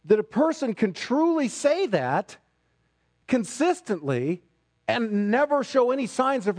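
A man preaching a sermon as a pastor, emphatic, dropping low and rising to loud, intense stretches. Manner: emphatic, swings between quiet and loud.

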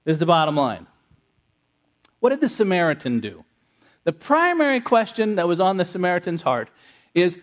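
A middle-aged man preaching an interactive sermon, conversational and animated, repeating answers from the congregation. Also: high-pitched, fairly quick. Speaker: pastor.

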